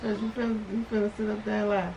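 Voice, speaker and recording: A woman's voice: mid-range voice, flat delivery, fast talker, vocal fry, a little mellow, distant mic, slight background noise, rough recording. A woman teasing her spouse in a dry, laid-back way. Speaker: spouse of the vlogger.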